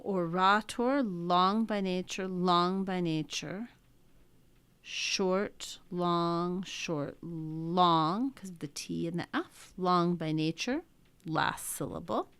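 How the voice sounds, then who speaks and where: Woman teacher, methodical lecture, slow and unhurried, dry close sound. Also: lowish voice, a bit bright, clear, resonant tone, dry recording. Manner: methodical, talking through each step. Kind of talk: classroom lecture.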